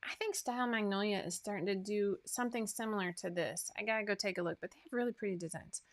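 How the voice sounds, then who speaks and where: A woman's voice: mid-range voice, fast. A woman hosting a sewing pattern livestream in a casual, chatty way, reading out winners with asides. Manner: chatty, asides and fillers between list items.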